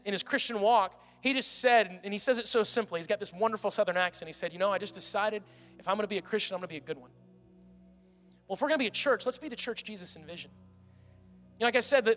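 A man's voice: high voice, a bit bright, in a large hall. A pastor in his thirties preaching a sermon with passion, often restarting his sentences. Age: 30s. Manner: impassioned, rambling with restarts. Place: church hall.

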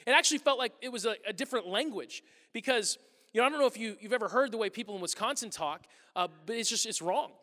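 Male pastor, animated storyteller, high voice, recorded in a reverberant church hall. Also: fast. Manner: animated storytelling, acting out exchanges with loud bursts. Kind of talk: sermon. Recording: long reverb of a large hall.

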